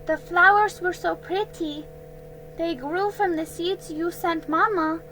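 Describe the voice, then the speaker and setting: A woman's voice: very high voice, slow, a little hiss or hum, pitched above the performer's own voice, full character voice, poor audio. A woman reading a storybook aloud, voicing a young girl who is heartbroken, furious and close to tears. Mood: shaky, sad. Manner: shouting in anger, then shaky and tearful.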